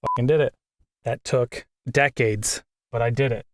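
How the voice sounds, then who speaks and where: A man in his twenties reads a scripted game critique, stumbling over words and swearing often out of frustration at his own misreads, so outtakes are included. His medium-pitched voice is fairly even at normal speed, studio quality with no echo.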